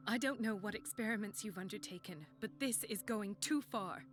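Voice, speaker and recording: Serious lady doctor voiced by a woman, firm and earnest, soft music behind. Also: medium pitch, normal speed, lightly acted. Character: principled, indignant female doctor. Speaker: physician. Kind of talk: video game voice acting.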